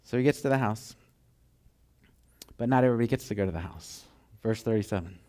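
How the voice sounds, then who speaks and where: A man preaching a sermon, telling the story with animated acted-out voices and dropping to a hushed, tender tone at moments. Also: fairly low pitch, a little fast. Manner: drops to soft, hushed tones for tender moments. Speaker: pastor.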